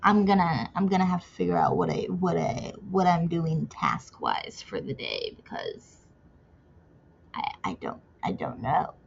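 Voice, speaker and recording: A tired woman in a casual faith vlog, rambling and restarting her sentences, trailing off softly at times. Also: sits low, wildly swooping pitch, normal speed, creaky, few pauses. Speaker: vlogger. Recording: dull lo-fi home recording with faint noise.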